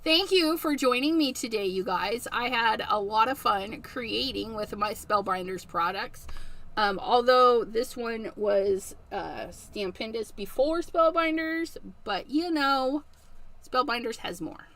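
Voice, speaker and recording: A middle-aged woman hosting a casual craft livestream, chatty and quick to laugh. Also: fairly high pitch, a bit bright.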